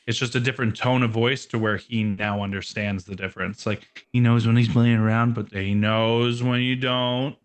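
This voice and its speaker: A man's voice: medium pitch, fairly even intonation, moderate pace, hardly any pauses, clean tone. A young man chatting casually on a podcast, loose and rambling, full of "like" fillers, laughing easily. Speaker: guest, metal band musician and dog owner.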